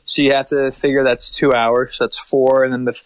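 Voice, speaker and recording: A man's voice: medium pitch, little pitch movement, fairly quick, no room sound, poor audio. A man on a podcast giving broadcast details in a matter-of-fact way, working through the numbers aloud. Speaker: podcast co-host. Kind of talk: casual sports chat.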